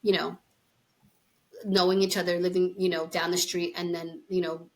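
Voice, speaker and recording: A woman's voice: fairly low pitch, level tone, normal speed. A woman in her forties with a slight East Coast accent, hosting and telling a story in casual chat. She laughs often and acts out other people's voices. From New Jersey, USA. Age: 40s. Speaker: podcast host.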